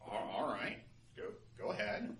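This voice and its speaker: A man voicing a calm, patient male sun in a told fable, speaking softly and hesitantly, recorded from a distance in a roomy class. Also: on the low side, normal speed, a little hiss or hum, pitched below the performer's own voice. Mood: mild. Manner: hesitant, soft and mild.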